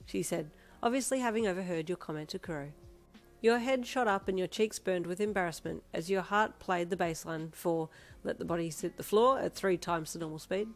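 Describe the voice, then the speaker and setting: A woman reading a fan story aloud in the second person, telling it at a steady storytelling pace. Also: lowish voice, fairly quick, soft background music. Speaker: story reader.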